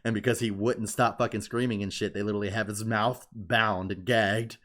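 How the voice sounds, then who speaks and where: A man with a fairly low voice talks through a story on a casual podcast. He gets excitable and swears freely, peppering his talk with "like.". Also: fairly quick. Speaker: podcast co-host. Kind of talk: casual chat, retelling an anime plot.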